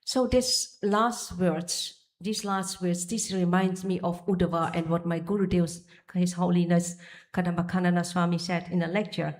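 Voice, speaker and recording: A woman's voice: on the low side, steady tone, moderate pace. Woman giving a devotional temple lecture. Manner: searching for pages, restarting phrases. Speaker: speaker giving a temple class. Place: temple hall.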